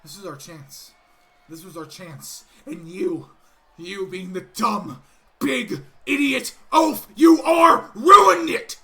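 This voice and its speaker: A man voicing a furious male wrestling team leader who scolds his men, seething low and then bursting into yells. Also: normal speed, few pauses.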